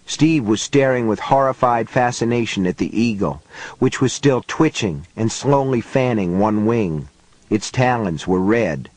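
A man reading an audiobook as the narrator, with measured, unhurried storytelling. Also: medium pitch, animated, a little mellow, dry recording, rough recording. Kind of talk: scripted narration.

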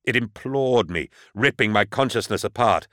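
Grim, low-voiced male narrator. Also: animated, fairly bright tone, dry recording, clean studio sound. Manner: grim, dramatic and measured. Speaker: audiobook narrator. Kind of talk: scripted first-person narration.

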